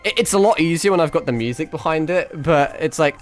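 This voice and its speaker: Homem de voz cansada, divagando numa live. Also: male voice, fairly high pitch, expressive, fast talker, hardly any pauses, faint music behind. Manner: rambling, swearing, lots of restarts and fillers. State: voice tired and cracking after hours of talking. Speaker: VTuber streamer. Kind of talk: casual late-night stream chat. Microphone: desk microphone.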